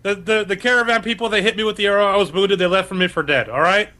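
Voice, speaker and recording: A man's voice: high-pitched, fast, pushed and bright, pitched above the performer's own voice. A man voicing a cornered young male bandit, whiny and pleading.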